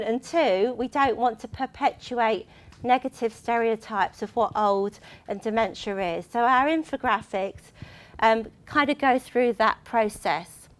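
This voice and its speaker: High-voiced woman presenting with laughs. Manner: lively, laughs between points, conversational fillers. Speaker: presenter from a dementia resource organisation. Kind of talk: presentation to an audience.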